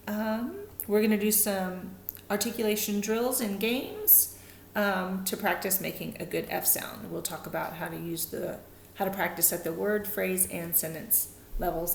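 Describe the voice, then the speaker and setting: A woman teaching a speech therapy lesson at a measured, unhurried pace, her voice carrying a gravelly edge. She is upbeat and models each sound clearly. The room around her is echoey, with a faint hiss underneath. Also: mid-range voice.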